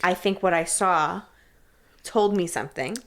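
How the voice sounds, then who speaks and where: A woman's voice: fairly low pitch, a little slow. A woman co-hosting a podcast in casual chat, giggly and rambling as she explains things. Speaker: podcast co-host.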